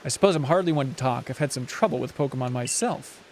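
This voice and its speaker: A man's voice: medium pitch, fast talker, a little mellow, a little hiss or hum, natural voice. A man reading as a wary young villager woman.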